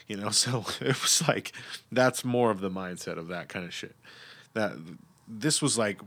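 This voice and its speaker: A man's voice: lowish voice, moderate pace, a bit bright. A man chatting casually and at length, blunt and opinionated, swearing freely and rambling with lots of fillers and restarts.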